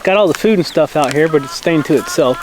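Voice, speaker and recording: A man with a high-pitched voice filming a casual farm vlog outdoors. He chats in a relaxed, rambling way and keeps turning to talk to his animals. Faint outdoor noise sits behind him. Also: fast talker. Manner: chatty, talks to his animals. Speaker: farm vlogger.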